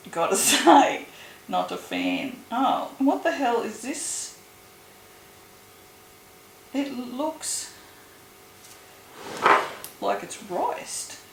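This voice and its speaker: Creaky-voiced woman making soap. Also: fairly high pitch. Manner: swearing and groaning in disgust. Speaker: soap maker. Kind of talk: casual chat while making soap. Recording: echoey room with noise.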